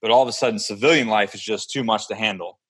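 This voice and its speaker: A man in his thirties in casual chat, talking bluntly and with lots of swearing, getting animated as he goes. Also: lowish voice, quick pace, breathy edge. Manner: blunt, profane, animated tough talk.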